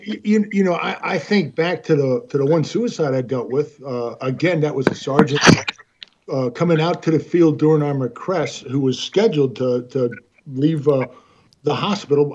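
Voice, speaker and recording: A man, a former Marine officer taking part in a panel conversation, recalls a painful incident in a hesitant, measured way with many fillers. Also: a little high, a little mellow, lo-fi sound, a little hiss or hum. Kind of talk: reflective recollection in a panel conversation.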